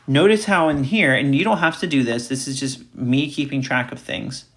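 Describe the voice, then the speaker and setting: A man's voice: mid-range voice, fairly bright tone. Male math instructor, mid-range voice, recorded lecture, methodical and repetitive. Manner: talks through steps aloud, repeats key points.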